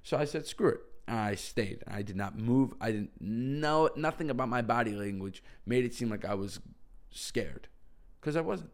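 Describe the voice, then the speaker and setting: A man's voice: mid-range voice, animated, moderate pace. A young man telling a personal story to camera in a casual, rambling way, full of "like". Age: young adult. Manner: rambling, heavy use of "like". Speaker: vlogger.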